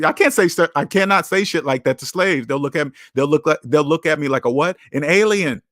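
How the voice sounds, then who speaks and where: A man's voice: on the high side, expressive, fast, few pauses, fairly bright tone, no echo, studio quality. Blunt, preachy man hosting a money stream. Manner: blunt, preachy, repeats key phrases for emphasis. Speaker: personal finance channel host. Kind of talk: livestream talk answering chat.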